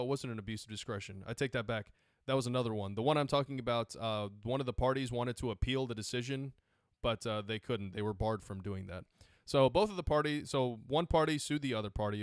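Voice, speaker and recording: A man's voice: lowish voice, dry recording, clean studio sound. A man on a podcast casually retelling court cases, rambling, correcting himself and dropping sarcastic asides. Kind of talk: casual chat.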